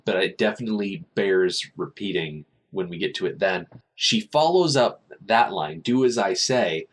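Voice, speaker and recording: Male podcast host, young adult, lowish voice, lively scene-by-scene recaps. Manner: animated, recaps scenes with quoted lines. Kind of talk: casual film discussion podcast.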